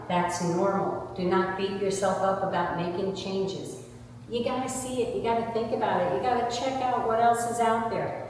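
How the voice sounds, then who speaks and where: A woman's voice: medium pitch, fairly even intonation, normal speed, darkish tone, long reverb tail, a little hiss or hum. A woman interior designer walking through a kitchen under renovation, explaining her lighting plan in a practical, reassuring way and thinking aloud as she counts fixtures. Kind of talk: casual on-site walkthrough tutorial.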